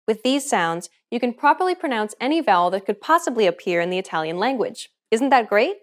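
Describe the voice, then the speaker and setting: A woman narrating a scripted pronunciation lesson as the teacher, clear and upbeat. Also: on the high side, very animated, a little fast.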